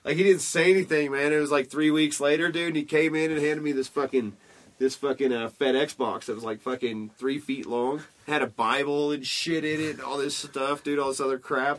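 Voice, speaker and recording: A man's voice: a little high, fairly even intonation, fairly quick, a bit bright. A young man telling rambling, profane stories in casual chat with friends. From southern United States.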